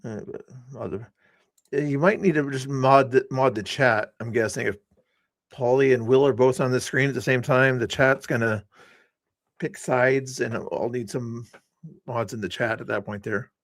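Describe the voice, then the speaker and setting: A livestream host with a mid-range, steady voice talks at a moderate pace in clean studio sound with no room sound. He rambles casually and teases his guests and chat with a sarcastic inflection.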